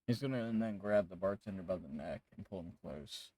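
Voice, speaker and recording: Casual male game master, lowish voice. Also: animated, brisk, darkish tone, slightly rough, low-quality recording. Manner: casual, laughs often, swears. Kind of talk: narrating a tabletop game.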